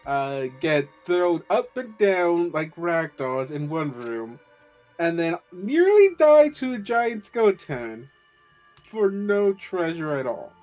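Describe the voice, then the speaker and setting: A man playing a tabletop game, complaining in an incredulous, animated way. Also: fairly high pitch, slow pace, soft background music. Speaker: player. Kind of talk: casual tabletop game chat.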